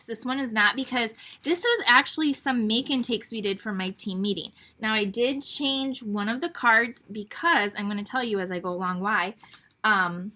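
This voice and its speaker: A woman's voice: on the high side, pushed and bright. Chatty woman hosting a craft class. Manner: chatty, rambling, with frequent ums and laughs. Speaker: online card-making class host. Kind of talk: casual crafting tutorial.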